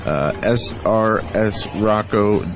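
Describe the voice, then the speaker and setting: A man's voice: on the low side, slow pace. A man hosting a radio show, giving friendly farewells to his guests and listeners. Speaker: radio host. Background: music.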